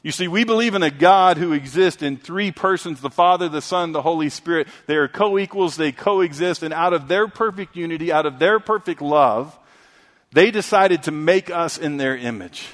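A man preaching a sermon, telling a story and swinging from loud, emphatic lines to hushed ones. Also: on the high side, normal speed. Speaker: pastor. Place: church sanctuary. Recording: long hall reverb.

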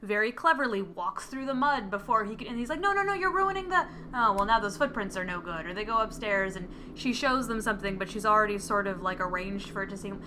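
A woman with a mid-range voice, working as a podcast co-host, chats casually at home with a cat nearby. She talks quickly with hardly any pauses, animatedly recapping a film's plot and acting out the characters' lines. The background is noisy.

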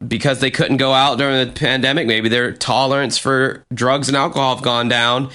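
A man casually telling a story on a chat show, animated and swearing, acting out what people said. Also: mid-range voice, normal speed. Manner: animated, acts out quotes with profanity.

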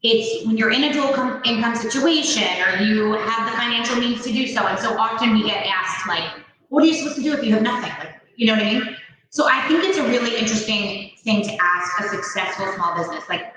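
A woman's voice: fairly high pitch, brisk, crowd noise. A woman co-hosting a live podcast in casual chat, talking freely with many fillers. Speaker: podcast co-host. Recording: echoey room, far from the mic.

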